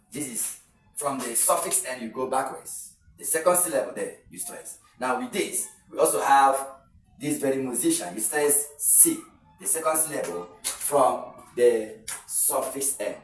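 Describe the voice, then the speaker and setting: A man's voice: mid-range voice, expressive, a little slow. A Nigerian man gives a video exam lesson, explaining step by step and repeating the key points. His voice sounds roomy and a little distant from the mic, with faint music underneath. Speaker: exam tutor.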